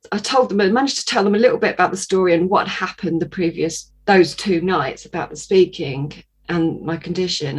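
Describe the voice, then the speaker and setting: A woman sharing a personal testimony as a podcast guest, telling her story in an animated way, with laughs and pauses. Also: lowish voice, husky.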